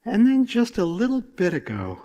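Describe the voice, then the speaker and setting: A man's voice: high voice, wildly swooping pitch, moderate pace, mellow. A man in his sixties telling stories on stage to a live audience, chatty and drawing the crowd in with questions. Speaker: storyteller. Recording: long reverb from a large hall.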